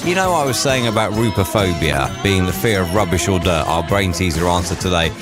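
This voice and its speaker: A man's voice: deep voice, animated, fairly quick, over loud music. A man hosting a drivetime radio show, chatting casually and cracking jokey asides.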